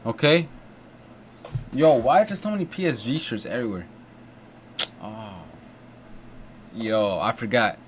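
A man's voice: mid-range voice, a little slow, pauses often, a little hiss or hum. A young American man hosting a reaction video, commenting casually and with lots of exclamations and slang. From United States. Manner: slangy, exclamatory, keeps saying "you know what I'm saying" and "bro". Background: faint music from the video he is watching.

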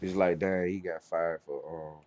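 A man's voice: low-pitched, flat delivery, normal speed, darkish tone, no room sound, muffled recording. A young adult man streaming a game live, chatting casually in a blunt, profane, joking way. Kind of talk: casual chat while gaming live.

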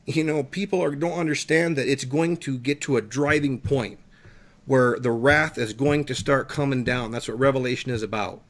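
A man's voice: medium pitch, normal speed. A man preaching fervently on a talk show, emphatic and emotional, his voice climbing when he gets worked up.

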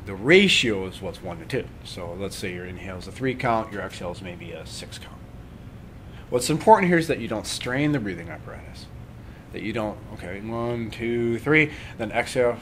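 A man leading a live workshop on breathing and meditation, talking calmly and conversationally and often checking in with his listeners. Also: fairly low pitch, normal speed, slight background noise. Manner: calm, conversational, checks in with "right?".

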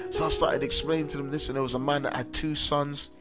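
A man's voice: fairly high pitch, little pitch movement, fast talker. A man with a South London accent preaching a sermon as a street preacher, earnestly mixing in his own testimony and repeating "amen" and "listen to me". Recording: music playing under the voice. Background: music.

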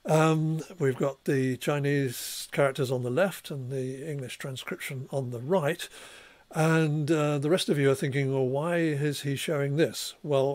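A male professor giving a recorded tutorial lecture, explaining steadily and clearing his throat now and then. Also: mid-range voice, a little mellow, no echo.

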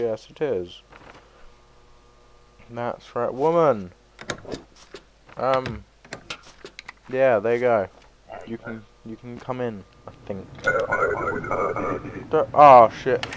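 A man giving sweary, excitable let's play commentary, breaking into loud yelps between muttered remarks. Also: medium pitch, a little hiss or hum. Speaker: gaming YouTuber.

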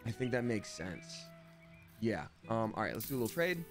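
A man's voice: on the low side, sing-song, fairly quick. A man streaming a video game with casual, playful commentary and silly asides. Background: game music.

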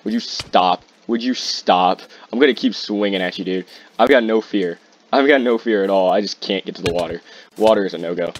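A man giving live commentary while playing a game, excitable and quick to repeat himself in bursts. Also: fairly low pitch. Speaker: gaming YouTuber. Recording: muffled lo-fi mic with faint hiss.

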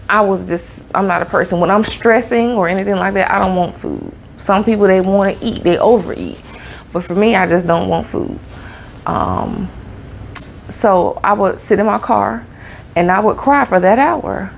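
Heartfelt woman vlogger with some vocal fry; casual, repetitive, talks straight to camera. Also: mid-range voice, a little hiss or hum. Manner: heartfelt, conversational, repeats phrases. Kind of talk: personal talk to camera.

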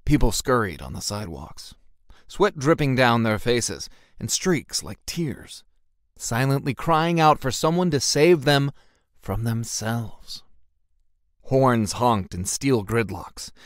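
Male audiobook narrator, lively dramatic read, dry close-miked sound. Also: medium pitch, takes it slowly, no room sound. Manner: animated, dramatic storytelling.

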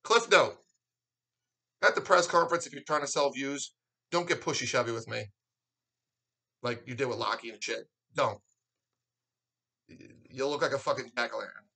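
A man's voice: mid-range voice, normal speed, vocal fry, pauses often, pushed and bright, rough recording. A man delivering a heated, profane, sarcastic rant to camera, mocking his rival in put-on voices. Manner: confrontational, sarcastic, mocks others in put-on voices. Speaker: arm wrestler vlogging a response.

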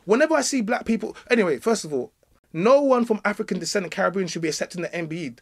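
Guy talking fast and high in a heated podcast debate, keeps cutting people off. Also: animated, creaky. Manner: argumentative, interrupting, repeats himself. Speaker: podcast co-host.

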